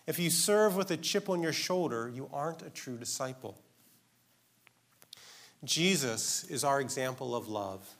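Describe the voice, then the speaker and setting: A man preaching a sermon in an earnest, emphatic way, asking his listeners direct questions. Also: fairly high pitch.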